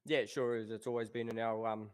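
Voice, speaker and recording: Laid-back New Zealand man, smooth voice. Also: on the low side, fast. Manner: relaxed, laid-back, says "obviously" and "um" often. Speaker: guest racing driver. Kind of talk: casual interview chat.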